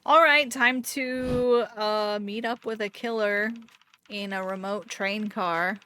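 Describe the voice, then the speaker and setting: A woman streamer narrating an interactive mystery book aloud, playful and animated between passages. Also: mid-range voice, takes it slowly, a little hiss or hum. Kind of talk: dramatic read-aloud narration.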